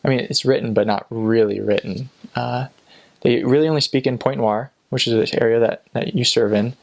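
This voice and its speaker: A man's voice: medium pitch, normal speed, gravelly. A young man, a returned missionary, casually telling amused stories with lots of fillers. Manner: relaxed, amused, chatty with frequent fillers. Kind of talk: casual storytelling.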